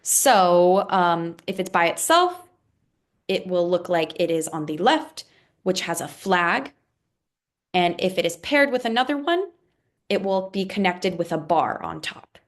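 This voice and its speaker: A woman's voice: on the low side, animated, measured pace. A woman teaching a beginner music lesson, patiently explaining and counting rhythms aloud. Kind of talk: instructional explainer video.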